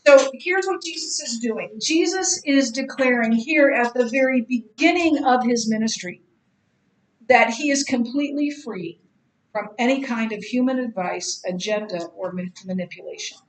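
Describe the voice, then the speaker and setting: A middle-aged woman teaching a Bible study lecture, halting often with ums and restarts. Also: a little high, echoey room, rough recording. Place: church classroom.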